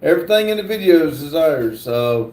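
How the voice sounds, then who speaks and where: A middle-aged man, hosting a casual livestream and slowly reading viewer comments aloud with many fillers. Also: a little high, sing-song, darkish tone, echoey room. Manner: slow, drawling, reads chat aloud with many fillers. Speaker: livestream host.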